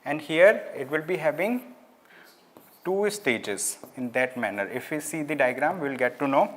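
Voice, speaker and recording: A man with an Indian English accent lectures a class in a slightly high voice, repeating key words and slipping into Hindi phrases. The room carries a long, hall-like reverb. The scratch of writing on a board runs under his talk. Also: animated, moderate pace, a bit bright. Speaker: teacher.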